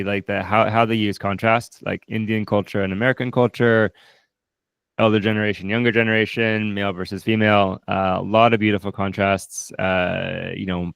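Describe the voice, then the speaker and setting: A low-voiced man with a gravelly edge talks through a film in a relaxed, reflective way. He keeps restarting his sentences as he thinks aloud. The sound is dry and close. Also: no room sound. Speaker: co-host, film reviewer. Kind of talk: casual film discussion.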